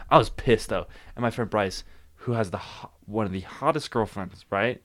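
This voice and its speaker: Young man, lowish voice, casual podcast guest, laughs through his story, animated. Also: moderate pace.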